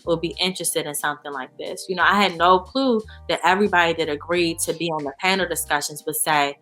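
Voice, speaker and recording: A woman speaking as an interview guest in a candid, animated way, full of "you know" and "like". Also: low voice, fast talker, faint music behind. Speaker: guest, founder of a support organization. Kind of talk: casual interview chat.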